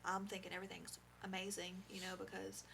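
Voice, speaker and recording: A young woman giving heartfelt personal testimony as a podcast guest, halting and full of fillers. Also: medium pitch, monotone, gravelly, sharp tone, a little hiss or hum.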